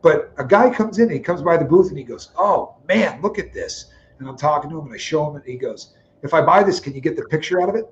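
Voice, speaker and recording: A man's voice: on the high side, quick pace, dull audio, a little hiss or hum. A man co-hosting a livestream, telling stories casually and acting out the dialogue in quotes. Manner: animated, acts out dialogue in quotes. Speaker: co-host of a livestream. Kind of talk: casual storytelling chat.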